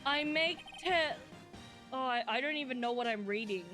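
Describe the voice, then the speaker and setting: A woman's voice: high-pitched, normal speed, pushed and bright, soft background music. A young woman streaming a game live, reading its dialogue aloud in a flustered, giggly way.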